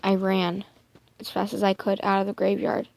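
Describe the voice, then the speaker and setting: A woman improvising a first-person story in a soft, hesitant way, often dropping into a whisper and correcting herself. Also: medium pitch, completely flat delivery, moderate pace, gravelly, a little hiss or hum.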